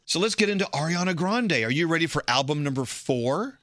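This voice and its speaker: A man hosting a radio show, chatting playfully about entertainment news in a casual, animated way. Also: on the high side, fairly quick, no room sound, clean studio sound.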